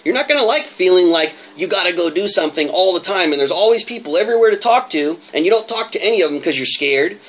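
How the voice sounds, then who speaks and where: A man, a network marketing coach, giving a motivational coaching talk in an energetic, emphatic way and often checking in with "right?". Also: on the high side. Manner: emphatic, repetitive, tags lines with "right?".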